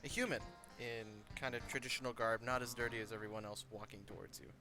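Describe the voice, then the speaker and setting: A man's voice: on the low side, fairly even intonation, fast talker, music in the background. A man narrating a tabletop game as game master, talking casually with frequent fillers and restarts.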